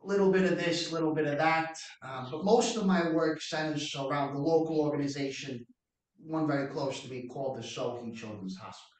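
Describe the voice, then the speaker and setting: Man playing a mobster-style philanthropist, New York-area accent, slightly high, distant, echoey. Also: a little fast, lightly acted. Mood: smooth. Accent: general New York-area. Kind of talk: mock trial witness acting. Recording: echoey room from far off.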